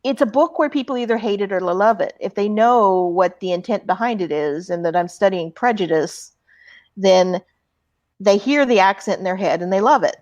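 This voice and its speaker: A woman's voice: medium pitch, normal speed, a little mellow, dry recording, dull audio. A woman from Texas speaking as an author on a live panel, explaining with confidence.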